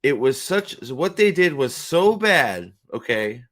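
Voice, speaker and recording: Male streamer host, mid pitch, profane and rambling, casual rant. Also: very animated, slow, a bit bright. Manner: profane, rambling, repeats himself.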